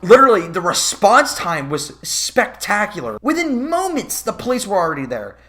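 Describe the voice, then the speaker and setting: A man's voice: high voice, wildly swooping pitch, moderate pace, sharp tone. Sarcastic, foul-mouthed male movie ranter. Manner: sarcastic, profane, exasperated. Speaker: movie reviewer. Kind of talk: profane movie commentary rant.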